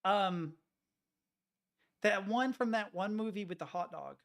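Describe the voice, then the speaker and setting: This American streamer has a high voice with vocal fry and a slightly slow delivery. He chats casually with viewers, joking and laughing a lot while rambling and cutting himself off.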